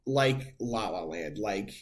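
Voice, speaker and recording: A man's voice: lowish voice, lively intonation, slow pace. Chatty young man, loose and rambling. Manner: rambling, many "like" fillers. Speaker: podcast co-host. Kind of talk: casual chat.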